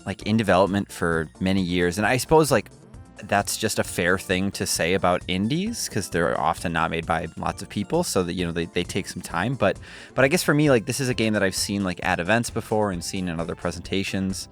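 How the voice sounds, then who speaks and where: A man's voice: deep voice, lively intonation, brisk, faint music behind. A man chatting about games over an online call whose audio sounds robotic, rambling with many restarts. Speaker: co-host. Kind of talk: casual chat about games.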